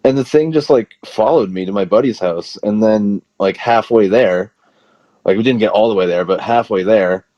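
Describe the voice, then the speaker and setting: A low-voiced man spins a loose, rambling story, peppering it with "like". His voice comes through a dry, slightly muffled line with no room sound. It sounds like a casual remote interview. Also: normal speed, warm tone, no room sound. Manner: rambling anecdotes full of "like". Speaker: wrestler guest.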